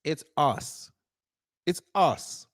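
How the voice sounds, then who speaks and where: Lively incredulous man, dry sound. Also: on the high side, drawn-out words, no echo. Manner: incredulous, mocking. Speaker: YouTube commentator. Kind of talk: reaction commentary.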